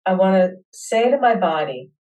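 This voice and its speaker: A woman hosting a webinar, leading listeners through a guided tapping session with slow, soothing affirmations. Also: medium pitch, expressive, dark tone, recorded from a distance, poor audio.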